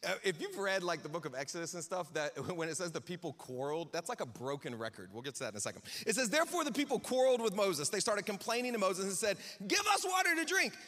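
A man delivers a sermon in a relaxed, conversational way, tossing off jokes to his listeners between points. His voice sits high and bright. A long reverb from a large hall trails each phrase. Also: quick pace, few pauses. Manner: casual, chatty preaching with jokey asides. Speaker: pastor.

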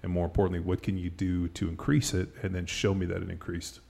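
A man's voice: low-pitched, flat delivery, quick pace, vocal fry, darkish tone. A middle-aged man hosting a podcast, chatting in a rambling way full of "like" and "you know", and laughing easily. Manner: rambling, filler-heavy, lots of "like". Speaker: podcast host. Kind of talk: casual chat.

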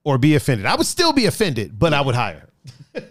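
A man's voice: medium pitch, huge pitch swings, brisk, dry recording, clean studio sound. A man hosting a casual podcast, joking and rambling with restarts as he reads out the live chat.

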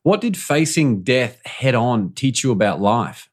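Host voice: calm, encouraging man asking questions, mid pitch. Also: unhurried. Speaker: podcast host. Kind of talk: interview questions.

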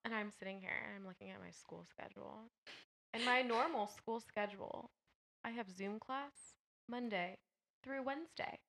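A young woman co-hosting a casual podcast, with a bright, forward voice. She tells stories with animated energy, swearing freely. Her pitch sits in the middle. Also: moderate pace, gravelly. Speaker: podcast co-host. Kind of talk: casual chat.

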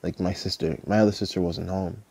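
A young man tells a personal story on his podcast, his voice sitting very low and the sound dry and close. He rambles and restarts, filling nearly every phrase with "like" and the odd curse. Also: fairly even intonation, brisk, vocal fry, a little mellow, breathy edge, no echo. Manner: rambling, heavy use of "like", profane. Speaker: podcast host.

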